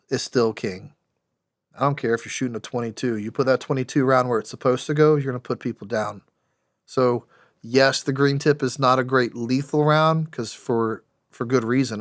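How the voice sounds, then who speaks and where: In a podcast studio, a middle-aged former American soldier tells his story openly, his medium-pitched voice halting with restarts and fillers throughout. The recording is clean, with no echo.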